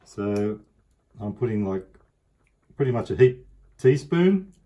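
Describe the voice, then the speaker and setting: Easygoing Australian man with mellow voice. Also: lowish voice, sing-song, slow, dull audio. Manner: chatty, rambling, easygoing. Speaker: cooking vlogger. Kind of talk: casual cooking demonstration. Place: home kitchen.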